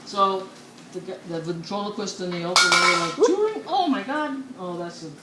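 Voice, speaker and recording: A woman telling jokes in a casual, animated way, often laughing as she goes. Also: on the low side, normal speed. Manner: giggly, animated storyteller. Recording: echoey room with background noise.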